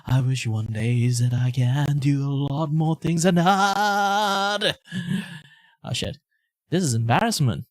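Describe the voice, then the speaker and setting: A man's voice: fairly high pitch, no room sound. A man making casual chat on a live art stream, rambling and half-singing his words. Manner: rambling, half-sung, slow and drawn out.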